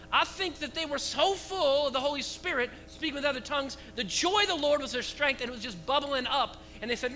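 Bright high-voiced male pastor preaching. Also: fairly quick, few pauses, slight background noise, rough recording. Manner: animated preaching with rhetorical questions. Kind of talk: sermon.

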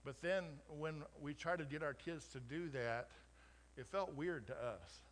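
Middle-aged male preacher, faint Oklahoma twang, bright tone, chatty sermon that builds to loud punchlines. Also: fairly high pitch, a little slow. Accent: slight Oklahoma twang. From Colorado. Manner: conversational preaching with rising emphatic peaks. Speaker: pastor.

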